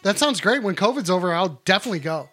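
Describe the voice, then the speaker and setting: A man's voice: high-pitched, expressive, fast talker, bright, forceful tone, soft background music. A man hosting a call-in stream, chatting loosely with callers, swearing and laughing easily. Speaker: call-in show host. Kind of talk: casual call-in chat. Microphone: streaming mic setup.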